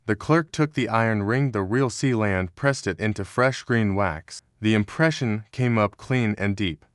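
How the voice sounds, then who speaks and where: A man giving a scripted narration of a historical story in a steady, measured way. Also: fairly low pitch, no echo, clean studio sound. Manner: steady, measured storytelling with quoted dialogue read in the same voice.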